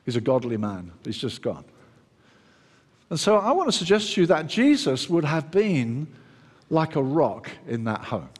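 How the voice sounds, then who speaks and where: A man with a fairly high voice preaches a sermon, his words ringing with a long reverb as if in a church hall. He talks in an animated way, acting out the lines he quotes and restarting his sentences as he goes. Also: unhurried.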